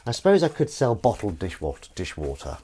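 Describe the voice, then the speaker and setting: A man's voice: fairly low pitch, huge pitch swings, brisk, heavy background noise. Rambling, jokey man. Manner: rambling, jokey, swears freely. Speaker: live streamer. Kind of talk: casual live-stream chat while washing up.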